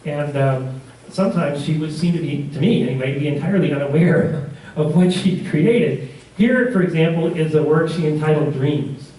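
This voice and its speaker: A man teaches a community class, wandering through his stories and stopping to correct himself, with small chuckles along the way. His voice is mellow and fairly high for a man. It comes from across a very echoey classroom, picked up by a distant mic. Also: normal speed. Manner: rambling, self-correcting storyteller with chuckles. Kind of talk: casual classroom talk. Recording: roomy classroom from far off.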